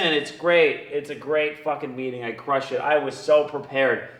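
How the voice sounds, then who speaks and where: A man with a flu telling a personal story in a casual way. He swears a lot, laughs between lines and swings from loud to hushed. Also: mid-range voice, fairly even intonation, moderate pace. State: sick with a flu. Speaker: online business coach telling his story. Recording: echoey room.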